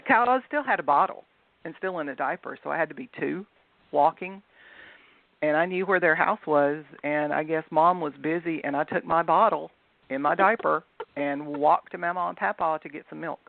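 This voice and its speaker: A woman's voice: sits low, moderate pace, gravelly, no room sound. A woman with a Southern US accent, telling stories as a guest in a casual chat. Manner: chatty storyteller. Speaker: guest author. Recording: dry phone-line audio.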